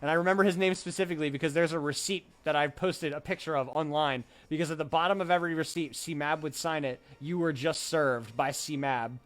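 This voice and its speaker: A man's voice: on the high side, fairly even intonation, fast talker, few pauses, a bit bright. A young man co-hosting a band's livestream in casual, joking chat, laughing easily. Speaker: band member co-hosting a livestream.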